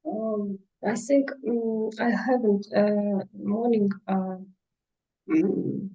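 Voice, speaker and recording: A woman's voice: medium pitch, fairly even intonation, drawn-out words, far from the mic, muffled recording. A woman learning English who hesitates and searches for words. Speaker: language student.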